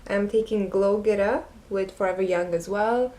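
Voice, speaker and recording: A young woman narrating a makeup tutorial, gushing and easily excited as she talks to her viewers. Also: mid-range voice, normal speed. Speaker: beauty vlogger.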